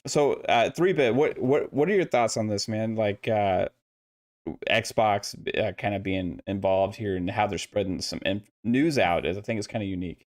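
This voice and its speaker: A man hosting a casual gaming podcast chat who talks in a relaxed, hesitant way with lots of filler words. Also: on the low side, moderate pace.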